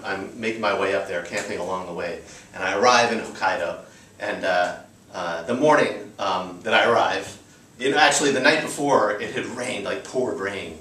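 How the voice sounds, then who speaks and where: Speaking fairly low with a fairly bright tone, an American man in his thirties tells a live crowd a personal story, chatty and loose with plenty of fillers. The setting is a storytelling show venue in the United States. Slight background noise comes through, and the distant mic gives it a roomy feel.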